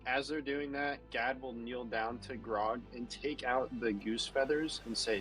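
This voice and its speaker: A man's voice: medium pitch, steady tone, measured pace, fairly bright tone, soft background music, rough recording. A man playing a tabletop game, describing his character's actions plainly and casually. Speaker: player. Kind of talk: casual tabletop role-play.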